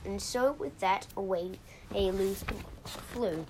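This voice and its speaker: A woman hosting a podcast, reading a children's story aloud in an expressive, sing-song way. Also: medium pitch, takes it slowly, a little hiss or hum, poor audio. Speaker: storyteller host.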